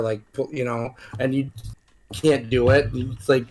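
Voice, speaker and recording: Man, mid-pitched voice, co-player, casual let's-play chat, dry and wry. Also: measured pace. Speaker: co-player and guest.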